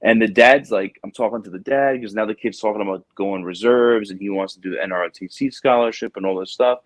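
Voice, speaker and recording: A man hosting a podcast, telling a story in a casual, lively way and acting out the people in it. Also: lowish voice, quick pace, no echo. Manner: animated storyteller, acts out quoted people. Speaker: podcast host.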